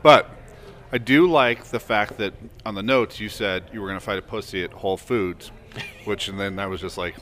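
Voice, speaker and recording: A man co-hosting a podcast in casual chat, teasing his co-host with quick banter. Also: lowish voice, a bit bright, a little hiss or hum. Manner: quick teasing banter with short agreeing interjections.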